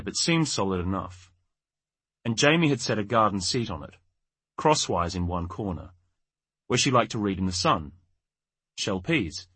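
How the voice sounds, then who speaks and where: A man narrating an audiobook in a measured, wry storytelling manner. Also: on the low side, fairly bright tone, breathy edge, no room sound. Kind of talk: scripted narration.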